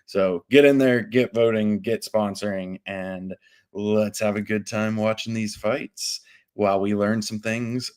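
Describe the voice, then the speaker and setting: A male host with a fairly low voice runs a relaxed online chat. He keeps things upbeat, teasing his guests as he moves through the lineup. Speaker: AMA host.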